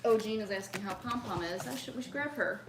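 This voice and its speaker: A woman's voice: medium pitch, fast talker, noisy background. A woman hosting a home livestream, chatting casually with viewers and gushing at her dogs in baby talk. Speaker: livestream host. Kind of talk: casual chat with viewers and pets.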